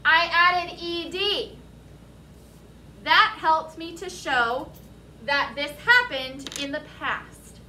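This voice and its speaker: Woman teacher, high voice, unhurried vocabulary lesson, echoey classroom. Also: bright, forceful tone, a little hiss or hum. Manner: slow, deliberate, spells words out letter by letter. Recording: echoey classroom, mic at a distance.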